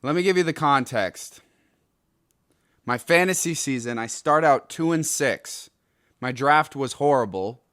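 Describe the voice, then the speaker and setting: A young adult man hosting a solo podcast, ranting in an angry, exasperated way with sudden loud outbursts. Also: medium pitch, lively intonation, a little slow, dry recording, clean studio sound. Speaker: podcast host.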